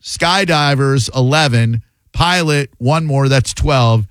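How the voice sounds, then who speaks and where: A man's voice: mid-range voice, fairly bright tone, clear, resonant tone, no room sound. Male radio host, brash and joking, dry studio sound. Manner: brash, joking, fast bursts. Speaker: radio talk show host. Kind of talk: casual call-in radio chat.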